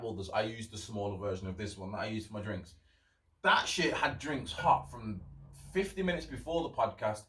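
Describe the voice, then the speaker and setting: A man's voice: fairly low pitch, a bit bright, recorded from a distance. A young man hosting a casual solo podcast, rambling and chatty and swearing freely. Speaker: podcast host. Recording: roomy, off-mic sound.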